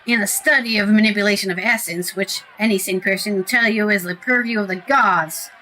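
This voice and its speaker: A woman reading a gruff, scornful male townsman agitator in a loose British accent, in a bright voice. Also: medium pitch, brisk, poor audio. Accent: British attempt.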